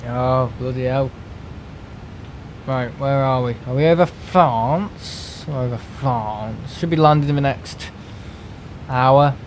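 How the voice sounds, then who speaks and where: A man's voice: medium pitch, slow pace, long pauses, slight background noise, poor audio. A young man, chatting casually on a live stream, rambling and grumbling as he talks. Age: young adult. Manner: rambling, grumbling, mimics other people in asides.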